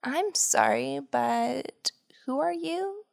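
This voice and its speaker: Woman playing a puzzled young visitor, hesitant, questioning, slightly raised pitch, gravelly. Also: animated, drawn-out words, darkish tone, heavily acted. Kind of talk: audio storybook character voice.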